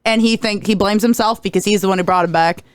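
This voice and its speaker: A woman co-hosting a casual movie chat who retells scenes with animated, acted-out quotes. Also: mid-range voice, fast talker, clean tone, no echo, studio quality. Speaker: co-host.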